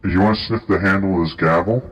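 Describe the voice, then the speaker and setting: Low-voiced man, goofy mock judge host, rambling, lo-fi mic with music bed. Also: fast. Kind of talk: improvised comedy stream.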